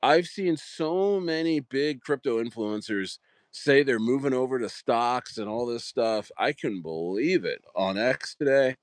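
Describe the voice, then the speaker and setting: A man's voice: medium pitch, expressive, a little slow, no echo, clean studio sound. A man hosting a casual livestream, chatting in a rambling way with lots of fillers and restarts. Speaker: livestream host.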